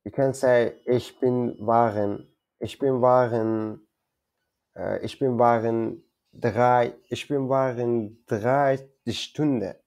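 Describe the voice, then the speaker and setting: Slow, gravelly man teaching German. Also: mid-range voice, fairly even intonation, a little mellow. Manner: halting, repeats words, self-correcting. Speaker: language learner teaching German basics. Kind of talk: informal self-taught lesson.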